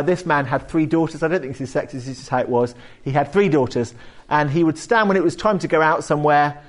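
A man preaching a sermon in a church hall, conversational and animated, explaining with homely asides. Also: medium pitch. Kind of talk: sermon with anecdotes.

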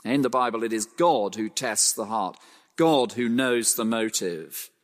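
A man preaching an expository sermon, emphatic, slowing to stress phrases and swinging his pitch widely. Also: long reverb tail.

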